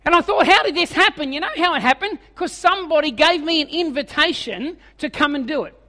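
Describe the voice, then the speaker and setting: A man's voice: extremely high pitch, fairly quick, pushed and bright, in a large hall. An Australian man in his forties preaching a sermon as a humorous, self-mocking storyteller. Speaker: evangelist preacher.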